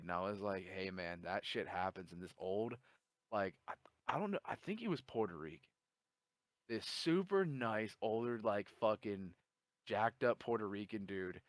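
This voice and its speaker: A man's voice: sits low, dry recording. A man telling a long story in casual chat, swearing a lot and acting out the dialogue. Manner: profane, animated storytelling with quoted dialogue.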